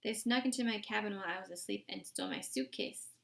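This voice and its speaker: A woman's voice: medium pitch, wildly swooping pitch, fast talker, gravelly, fairly bright tone, full character voice. A woman voicing a lying, defensive female camp warden who makes excuses.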